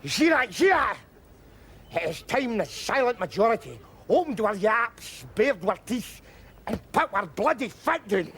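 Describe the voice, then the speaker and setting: An actor playing a rowdy, loudmouthed Glaswegian drunk in his middle years, speaking with a Scottish accent in a combative, theatrical rant. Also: high voice, very animated, a little slow, full character voice. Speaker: sitcom character. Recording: TV sitcom audio with crowd and noise.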